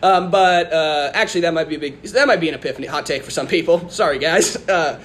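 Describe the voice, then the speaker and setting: Guy with a high voice rambling thru a story, lots of ums, laughing, faint rumble behind. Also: quick pace, fairly bright tone. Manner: rambling, laughs often, many fillers. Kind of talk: casual storytelling chat.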